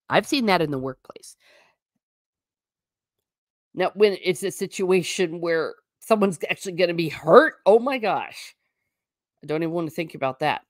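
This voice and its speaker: Woman, livestream host, low voice, chatty musing with a stern teacher edge, dry close sound. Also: expressive, normal speed, long pauses, no echo. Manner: chatty, answers viewer comments, occasional stern teacher tone.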